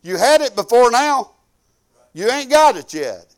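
High-voiced older preacher, emphatic. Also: male voice, very animated, a little slow. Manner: emphatic, repetitive, folksy storytelling with quoted dialogue. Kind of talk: sermon.

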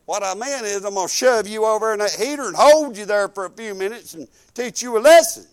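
Older male pastor, folksy sermon storyteller, high-pitched, smooth ringing tone. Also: brisk. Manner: folksy, animated storytelling with acted-out quotes.

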